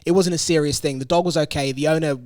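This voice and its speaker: A man's voice: a little high, fairly even intonation, fast talker, a little mellow, no echo, studio quality. A young man hosting a casual podcast, telling a story animatedly and laughing often. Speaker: podcast host.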